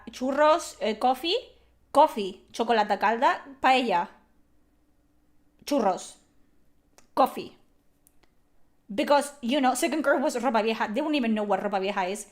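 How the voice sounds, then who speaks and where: A woman from Spain with a Spanish accent and Spanish as her first language, commenting on a game in an animated, emphatic, exasperated way and swearing freely. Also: a little high, a little slow, long pauses. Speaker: streamer.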